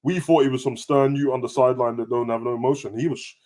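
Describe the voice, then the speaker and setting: Rattling off football points fast, this young podcast host keeps the chat casual and loaded with street slang. He's animated, and his voice jumps sharply upward whenever he gets fired up.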